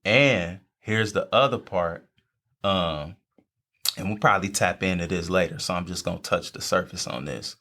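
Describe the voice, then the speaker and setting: A man's voice: low voice, moderate pace, bright, forceful tone. A young man, talking faith casually and repeating phrases for emphasis. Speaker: podcast co-host. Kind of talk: faith talk among friends.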